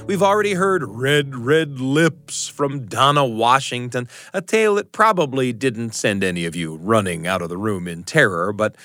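A man hosting a podcast, telling a personal story in an expressive, playful way. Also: mid-range voice, moderate pace, hardly any pauses, dry recording, clean studio sound, soft background music.

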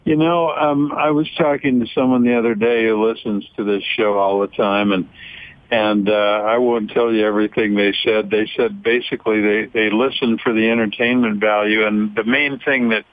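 A man's voice: lowish voice, fairly even intonation, moderate pace, no echo. An older man co-hosting a radio show in a casual chat, rambling with fillers and chuckles. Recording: narrow phone-like radio sound.

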